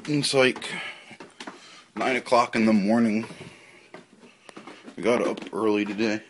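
A man's voice: lowish voice, steady tone, slow pace. Man with a groggy morning voice. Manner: rambling, offhand, frequent throat clearing. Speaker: vlogger. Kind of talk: casual vlog chat. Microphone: phone. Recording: hissy phone recording.

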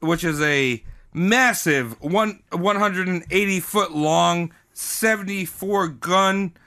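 A man's voice: sits high, takes it slowly, bright, forceful tone. A man hosting a comedy history podcast, telling the story in a loose, crude, joking way. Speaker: podcast host.

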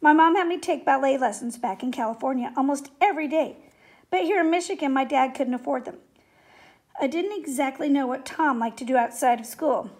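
A woman reading a children's story aloud with gentle, expressive storytelling. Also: high-pitched. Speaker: story reader.

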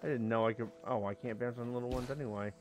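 Faint music plays behind a let's play host whose medium-pitched voice is steady and fast. He casually comments on his game, chats to the on-screen creatures, and breaks into abrupt yelps.

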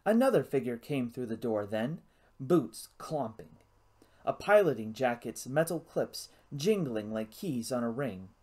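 Male audiobook narrator, hushed suspenseful storytelling. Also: mid-range voice, expressive, unhurried, slightly rough.

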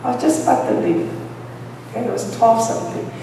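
Woman preacher, high pitch, emphatic, heard from a distance in a very reverberant hall. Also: fairly quick, dark tone, a little hiss or hum. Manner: emphatic, prods listeners with rhetorical questions. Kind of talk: sermon testimony. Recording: distant mic in echoey hall.

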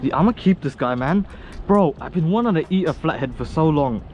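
Young man from Australia, fishing vlogger, slightly high voice, slangy and excitable, faint outdoor hum behind. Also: brisk, highs cut off. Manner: excitable, slangy, laughs often. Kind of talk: casual outdoor vlog commentary. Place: outdoors on a rock wall by the sea.

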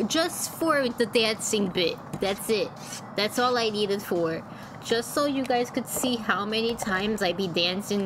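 A woman's voice: mid-range voice, noisy background. A woman streaming a video game, chatting to her viewers with frequent giggles. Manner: giggly, chatty, talks to chat. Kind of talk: live game stream commentary.

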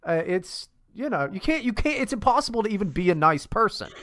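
Male podcast co-host, exasperated profane ranter, animated, dry sound. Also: high-pitched, brisk, no room sound. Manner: profane, exasperated ranting with restarts. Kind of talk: casual chat.

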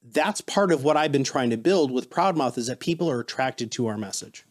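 A man's voice: mid-range voice, a little fast. A man guest on a business podcast, telling stories in casual interview talk and acting out the people he quotes. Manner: animated storyteller, quotes people in voices.

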